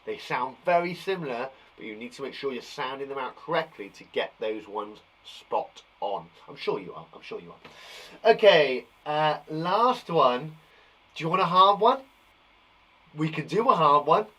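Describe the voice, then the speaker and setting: A British man leads a phonics lesson for young children, breaking words into sounds and praising every answer. His voice sits fairly high and swings widely in pitch. He takes his time, speaking slowly and deliberately. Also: lively intonation, pushed and bright. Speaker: teacher.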